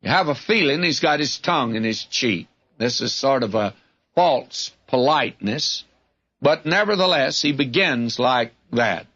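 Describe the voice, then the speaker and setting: A man's voice: medium pitch, lively intonation, unhurried, a bit bright, slightly rough. A man teaching the Bible verse by verse on the radio in a plain-spoken, folksy way with wry asides. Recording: dull lo-fi radio broadcast recording.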